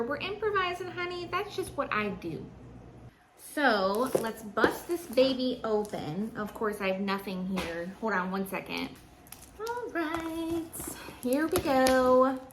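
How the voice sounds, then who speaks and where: Excitable woman vlogging over background noise. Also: medium pitch, poor audio. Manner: excitable, chatty, talks to viewers as friends. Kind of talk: casual vlog chat to camera.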